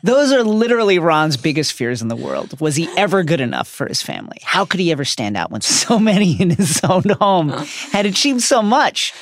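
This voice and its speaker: Animated man reading an essay aloud. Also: mid-range voice, creaky, dry recording, studio quality. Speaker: podcast co-host. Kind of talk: reading a prepared essay on a book.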